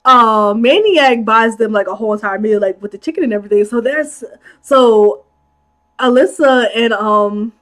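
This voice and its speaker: A woman with a high voice gives a casual movie recap. She chats in an animated way and pads her sentences with "like". She laughs a lot as she goes. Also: normal speed. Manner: animated, chatty, laughs often, acts out characters' lines; many filler "like"s. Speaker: movie commentary host.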